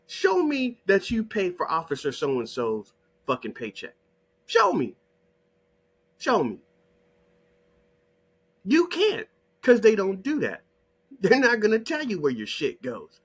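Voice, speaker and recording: A man giving profane, combative ranting commentary over a shared screen, hammering rhetorical questions and repeated demands in a husky voice. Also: high voice, wildly swooping pitch, measured pace, pauses often. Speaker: online video creator.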